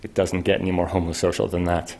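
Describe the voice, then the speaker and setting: A man's voice: low-pitched, completely flat delivery, fast talker, creaky, a little mellow. Guy putting on the sun as a goofy bolshevik, bad fake russian accent, all mock-grand.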